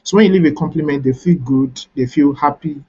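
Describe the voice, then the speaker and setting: A man's voice: a little high, brisk, darkish tone, slightly rough, highs cut off. A man coaching a webinar audience on networking, teaching step by step and checking in with "right?" after key points.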